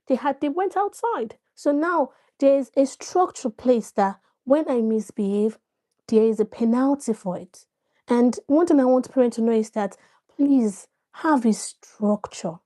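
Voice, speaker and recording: A woman's voice: a little high, dark tone. A woman hosting a live stream, chatting with viewers, greeting them by name and explaining her points through examples. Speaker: live-stream host giving parenting advice. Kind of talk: casual live-stream talk.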